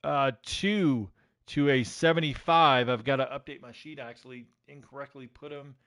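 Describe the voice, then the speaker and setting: A man's voice: medium pitch, normal speed, a bit bright, dry recording, studio quality. A man hosting a live stream, casually reading out game ratings with lots of ums and uhs. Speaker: gaming channel host.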